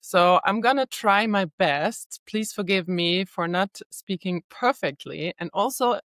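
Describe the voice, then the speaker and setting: A woman's voice: medium pitch, unhurried, a bit bright, no room sound, clean studio sound. A middle-aged woman with a German accent, a native German speaker, hosting a casual podcast interview in English, eager and saying "really" a lot. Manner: eager, repeats "really" often. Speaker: podcast host.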